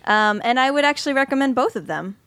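A woman's voice: sits high, animated, fast, a bit bright, dry recording. A woman co-hosting a podcast in casual chat, upbeat and giggly, rambling a little as she talks. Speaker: podcast co-host.

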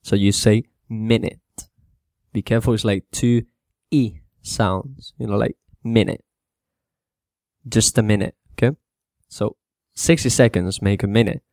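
A man with a fairly low voice teaches basic English vocabulary in a loose, chatty way. He slows down to model each word's pronunciation for Spanish-speaking learners. The sound is dry and close. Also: dry recording. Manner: relaxed, repeats words slowly to model pronunciation, mixes in Spanish. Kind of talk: casual spoken lesson for Spanish speakers.

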